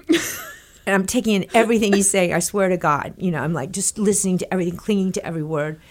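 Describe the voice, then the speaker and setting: An older woman from Texas, a guest in an interview, telling stories in a lively way, acting out quotes and laughing often. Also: medium pitch, fast talker. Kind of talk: animated storytelling in an interview.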